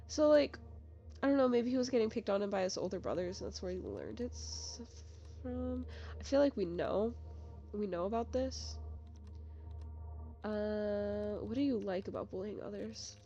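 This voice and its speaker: A woman's voice: mid-range voice, animated, normal speed, warm tone, muffled recording. A young woman giving casual, rambling game commentary, full of fillers, with game music behind. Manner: chatty, filler-heavy, rambling. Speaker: gaming youtuber.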